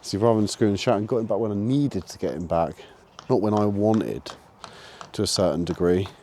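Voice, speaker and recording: A man chatting casually outdoors while walking his dog, relaxed and explaining his training. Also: on the low side, fairly quick, slight background noise. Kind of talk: casual walking vlog chat. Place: outdoors on a walk.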